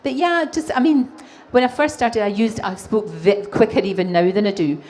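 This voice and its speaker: A woman in her sixties with a Glaswegian Scottish accent, a TV presenter answering audience questions on stage, animated and laughing often. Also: medium pitch, normal speed. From Scotland. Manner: animated storytelling with frequent laughs. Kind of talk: live stage Q&A. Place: exhibition hall stage.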